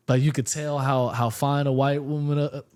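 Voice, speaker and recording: A man who is a stand-up comedian, talking candidly and profanely in a casual podcast interview, telling stories with lively asides. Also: mid-range voice, unhurried. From Puerto Rican roots, raised in the Bay Area.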